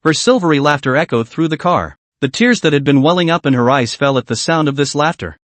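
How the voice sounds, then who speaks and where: A man narrating a comic story recap in a steady storytelling way. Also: fairly high pitch, a little fast, few pauses, no echo.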